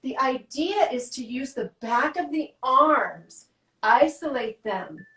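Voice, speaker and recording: A woman fitness coach guiding a workout with quick, encouraging cues, out of breath. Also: sits high, animated, a bit bright, roomy sound, low-quality recording.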